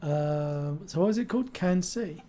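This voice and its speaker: A man's voice: fairly high pitch, lively intonation, moderate pace, mellow. Chatty, jokey male stream host. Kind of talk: casual live-stream interview.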